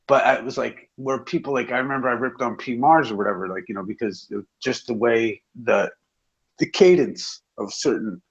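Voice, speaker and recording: A man's voice: medium pitch, moderate pace, husky. A man in a casual chat who rambles and swears a lot, with many fillers. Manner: profane, rambling, filler-heavy. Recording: dull lo-fi audio.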